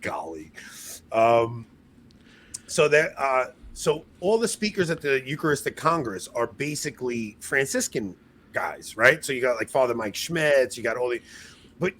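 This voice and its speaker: Animated male podcast host, lively pitch. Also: normal speed, a little hiss or hum. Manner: animated, laughs at himself, trails off and restarts. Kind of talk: casual chat.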